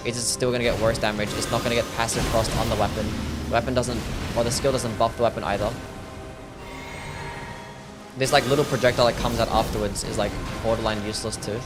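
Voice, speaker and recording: A man's voice: medium pitch, level tone, quick pace, over loud music. A young Australian man casually commentating a live game stream, answering chat questions and swearing freely.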